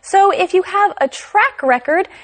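A high-pitched woman co-hosting a scripted English lesson. She explains each word slowly and carefully, spelling out meanings for learners. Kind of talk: scripted language lesson chat.

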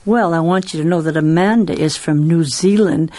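Brief: woman radio host, a little low-pitched, chatty and friendly panel talk. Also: normal speed, dark tone. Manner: chatty, friendly, hesitant at times. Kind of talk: relaxed radio panel chat.

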